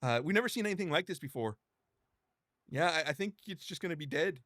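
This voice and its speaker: A man's voice: fairly high pitch, animated, fast talker, fairly bright tone, no room sound, studio quality. A man putting on a stereotypical Canadian accent to voice a folksy, apologetic tree healer.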